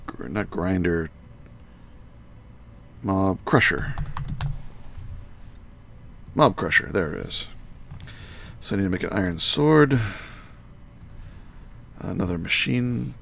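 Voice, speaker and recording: A deep-voiced man with a gravelly edge talks his way through a game on a live stream. He mutters to himself as he works things out and chats to his viewers, with a faint hiss behind him. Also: takes it slowly, long pauses, a bit bright. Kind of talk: thinking aloud while playing a game live.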